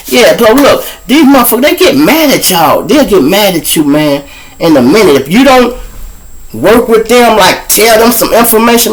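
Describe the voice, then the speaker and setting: On a low-quality recording, a man with a high, slightly bright, sing-song voice speaks at a normal pace. A Chicago-accented host and storyteller from Chicago, he tells his listeners raw street stories full of profanity in a casual way.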